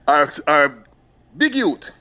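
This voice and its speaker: A Jamaican man telling stories in a relaxed chat, laughing often and dropping into patois. His voice sits high and swings widely in pitch. It has a bright, forceful edge. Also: slow pace. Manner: animated storyteller, laughs often, slips into patois. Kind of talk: casual chat.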